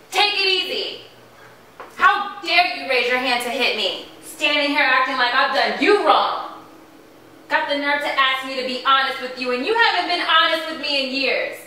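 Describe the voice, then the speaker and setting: A woman plays a defiant wife who answers her husband's betrayal with cold, cutting words. Her voice is high and bright. It rings in a very echoey room, heard from some distance with faint music underneath. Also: a little hiss or hum. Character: wife confronting her cheating, abusive husband. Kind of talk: indie film drama.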